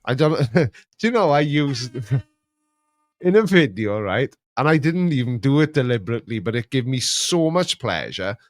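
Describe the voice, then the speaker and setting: A man's voice: medium pitch, sing-song, measured pace, no echo. Chatty middle-aged Welsh man, dry sound. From Wales. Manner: chatty, rambling, lots of yeahs. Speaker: channel host. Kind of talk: casual chat.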